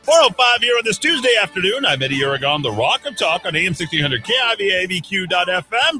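A man hosting a casual radio talk show, loose and chatty with many filler sounds, on a studio mic. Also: lowish voice. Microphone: studio broadcast mic.

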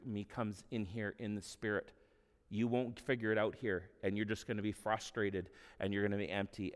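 A pastor preaches in a plain, earnest, conversational way and drops in casual asides. He is a man with a somewhat low voice. The sound rings with the long reverb of a church hall. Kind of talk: sermon.

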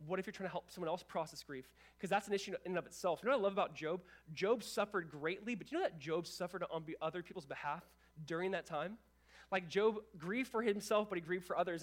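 A young man preaches to his church, talking fast and animated, with casual asides to the congregation. His voice sits fairly high for a man, and he keeps a brisk, lively pace throughout the sermon. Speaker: pastor.

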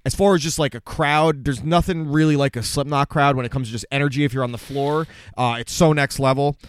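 A man's voice: medium pitch, fairly even intonation, fairly quick, smooth. A man co-hosting a podcast in casual chat, joking and swearing as he asks questions. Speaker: podcast co-host.

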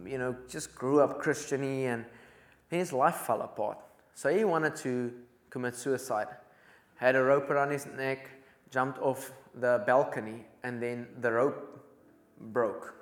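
A man with a South African accent telling personal faith stories in an earnest, animated way. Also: medium pitch. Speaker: evangelist. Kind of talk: casual storytelling testimony. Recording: echoey room.

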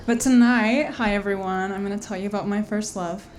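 A woman's voice: medium pitch, fairly even intonation, fairly quick, darkish tone. Woman starting her story for a crowd, jokey and light, bit of faint noise behind. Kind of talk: personal story told to an audience.

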